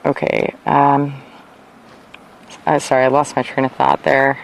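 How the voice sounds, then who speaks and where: A woman's voice: rumbling low, monotone, measured pace, vocal fry, a little hiss or hum, low-quality recording. A tired woman chatting casually and rambling on a livestream from her car, sometimes wandering away from her clip-on mic. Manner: rambling, chatty, self-interrupting. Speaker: livestream host. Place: in and around her car outdoors. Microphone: clip-on mic, sometimes far from it.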